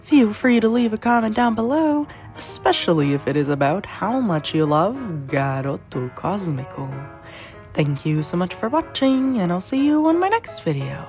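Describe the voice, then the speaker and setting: A woman hosting a video essay channel, reading scripted narration in a playful, animated way. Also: mid-range voice, moderate pace, faint music behind.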